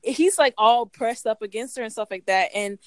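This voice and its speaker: Animated woman retelling a story. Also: fairly high pitch, normal speed, no room sound. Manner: animated retelling with acted quotes, laughs often. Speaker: podcast co-host. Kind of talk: casual story review chat.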